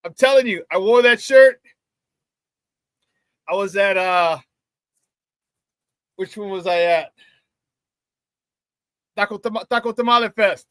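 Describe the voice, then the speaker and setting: Sports talk host, male, high-pitched, fired up and shouting out the chat. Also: slow pace, pauses often, clean tone, no room sound. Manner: hyped, shouts out viewers, laughs often. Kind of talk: live sports talk show, reading chat.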